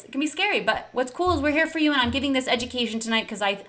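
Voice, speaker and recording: A woman's voice: high-pitched, expressive, rapid-fire, a bit bright. A woman fitness coach leading a live online session, upbeat and encouraging and talking straight to her viewers.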